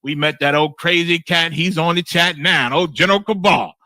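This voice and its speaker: A man's voice: on the high side, normal speed, pushed and bright, no echo. A man, preaching bluntly on a livestream, swearing and repeating himself as he drives his points home. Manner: blunt, streetwise preaching with profanity and repetition. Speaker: religious teacher leading a livestream. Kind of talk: preaching and casual talk on a livestream.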